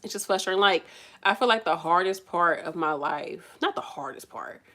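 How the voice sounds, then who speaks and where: A woman vlogging casually to her viewers as a nursing student, venting in an animated way and calling them y'all. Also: fairly low pitch, moderate pace. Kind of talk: casual chat to camera.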